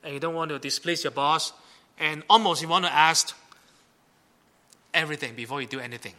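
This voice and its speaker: A man's voice: on the high side, fairly quick, sharp tone. A middle-aged man preaching a sermon as pastor, chatty and often checking in with the congregation. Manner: conversational, asks the congregation "right?".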